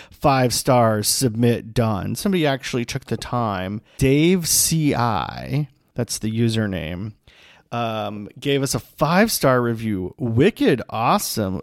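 A man hosting a podcast, closing the episode in a playful, animated way and reading out a listener review. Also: mid-range voice, no echo, studio quality. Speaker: podcast host. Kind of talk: casual podcast chat.

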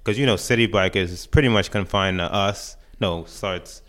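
A man's voice: low voice, normal speed, fairly bright tone. A man in a casual podcast chat, easygoing and explaining things at length.

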